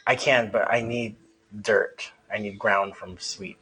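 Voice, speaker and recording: A man voicing a shy, insecure young woman who speaks softly and stammers. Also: on the low side, fairly even intonation, a little slow, background noise, natural voice. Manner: soft-spoken, stammering.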